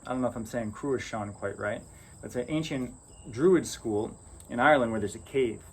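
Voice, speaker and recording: A man improvises a folk tale in a loose, chatty style, full of asides and restarts. His medium-pitched voice has a breathy edge and a normal speed, recorded outdoors with crickets loud in the background.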